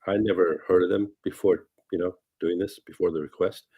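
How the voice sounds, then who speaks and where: Man, fortune teller, husky voice, deep and warm, loose rambling livestream chat. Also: fairly even intonation, brisk, narrow, tinny audio. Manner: rambling, many fillers and asides. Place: lives in California.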